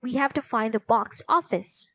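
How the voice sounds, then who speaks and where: A woman's voice: a little high, normal speed, a bit bright, no echo. A woman reading as an eager young boy.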